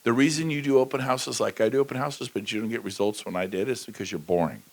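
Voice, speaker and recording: A man giving a high-energy motivational talk at a conference, joking with the crowd and slipping into quick impressions of people. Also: gravelly. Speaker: keynote speaker. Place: large conference hall.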